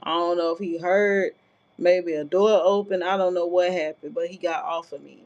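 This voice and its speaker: A woman's voice: on the low side, fairly even intonation, moderate pace, darkish tone. A woman vlogger telling a personal story in a casual, blunt, profane way, with frequent filler asides. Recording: dull lo-fi sound.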